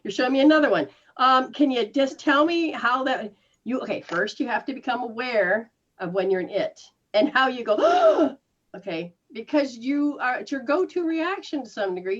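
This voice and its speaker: Animated woman healer coaching, lo-fi sound. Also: a little high. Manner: animated, mimics reactions with gasps and laughs. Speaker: spiritual healer giving live sessions. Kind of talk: casual one-on-one coaching.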